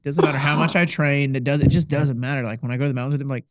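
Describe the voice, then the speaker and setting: A man's voice: medium pitch, fairly even intonation, rapid-fire, very noisy. A man co-hosting a podcast, blunt and swearing freely in casual chat. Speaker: podcast co-host.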